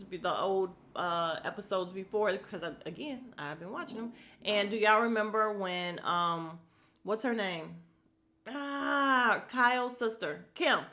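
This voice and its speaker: A woman's voice: medium pitch, pushed and bright, a little hiss or hum. A woman hosting a podcast, recapping a reality show in a casual, blunt way, swearing freely and laughing often. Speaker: podcast host.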